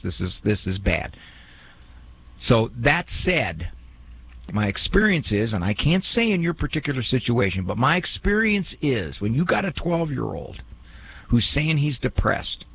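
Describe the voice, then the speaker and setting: Husky, animated male advice host. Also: mid-range voice. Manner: fatherly, animated, acts out what people say. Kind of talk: call-in advice talk.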